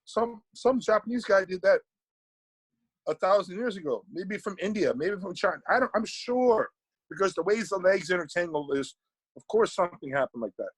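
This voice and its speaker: A man's voice: high-pitched, lively intonation, normal speed, husky, no echo, rough recording. A middle-aged man from Panama, a guest in a casual podcast interview, talking animatedly and often repeating words as he thinks.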